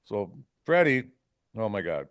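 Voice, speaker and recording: Speaking a little slowly in a lowish, sing-song voice, a Wisconsin fishing guide shares rambling stories in a podcast studio, and the recording is dry and studio-quality. His lines often end in "right?", and he acts out salty quotes.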